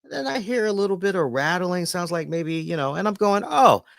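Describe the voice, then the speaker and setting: A man hosting a wrestling review show, chatting casually and telling stories in an animated way with lots of filler words. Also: high voice, a little fast, creaky, no room sound, studio quality. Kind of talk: casual chat.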